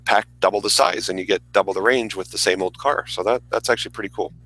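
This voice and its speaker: A man's voice: on the low side, quick pace, fairly bright tone, low-quality recording. A man co-hosting a casual panel chat, explaining with enthusiasm. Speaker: podcast co-host.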